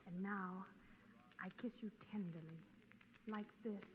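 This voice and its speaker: A woman speaking softly and coyly in a 1940s radio comedy. Her voice is thin and tinny, with a heavy hiss behind it. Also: medium pitch, steady tone, measured pace. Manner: soft, coy, seductive. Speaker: guest actress.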